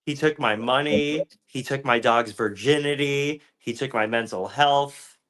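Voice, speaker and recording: A man in casual podcast chat, campy and sarcastic. He throws out crude jokes in a deadpan way, with his voice sitting at an ordinary middle pitch. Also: measured pace. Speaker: podcast host. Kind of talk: crude comedic podcast banter.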